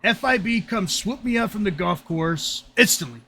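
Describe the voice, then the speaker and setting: A man hosting a casual roleplay podcast chat, telling stories with animated energy and bursts of shouting. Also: high-pitched, moderate pace, slight background noise. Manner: animated storyteller, shouts when excited. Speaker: podcast host.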